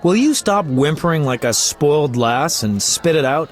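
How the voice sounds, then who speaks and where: A man's voice: fairly high pitch, lively intonation, normal speed, close to an everyday voice. A man voicing a chatty, flamboyant male poet and bard who talks in a teasing, talkative way. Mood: lively. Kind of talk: video game voice acting.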